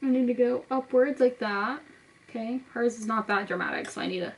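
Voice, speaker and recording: A young woman with a fairly high voice, chatting casually to her viewers. She talks through each makeup step as she goes, easygoing and conversational. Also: moderate pace, rough recording. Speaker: beauty vlogger. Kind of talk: casual makeup tutorial talk.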